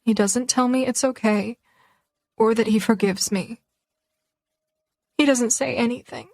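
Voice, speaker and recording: A woman's voice: fairly high pitch, steady tone, a little slow, a little mellow, dry recording. Emotional woman narrating a romance audiobook. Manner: emotional, tearful first-person delivery.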